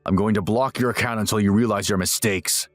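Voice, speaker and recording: A man's voice: lowish voice, fairly even intonation, brisk, dry recording, soft background music, lightly acted. A man voicing a smug, self-righteous young husband who lectures and sneers in a dramatized text-message story. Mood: scolding.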